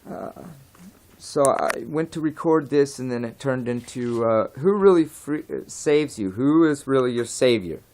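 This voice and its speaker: A man's voice: mid-range voice, lively intonation, unhurried, a little mellow. A man delivering an unscripted opinion rant as a vlogger, heated and rambling, swearing at times and drifting off track. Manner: swears and apologizes.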